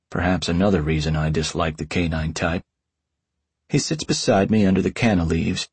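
A man's voice: deep voice, slightly rough, no echo. A man reading an audiobook in the first person as a tomcat detective, with a wry, hardboiled delivery. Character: wisecracking tomcat detective narrating. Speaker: audiobook narrator.

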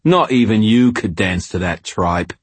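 A man's voice: fairly low pitch, lively intonation, measured pace, slightly rough, dry recording, voice pushed up, exaggerated voice. A man reading an audiobook voicing a coarse, annoyed hired mercenary who growls and swears freely.

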